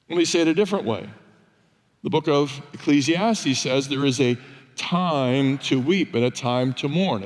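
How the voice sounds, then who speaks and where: An older man preaching a sermon, telling stories in a conversational, wry, self-deprecating way. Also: a little high. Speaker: pastor. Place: church sanctuary. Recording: long church reverb.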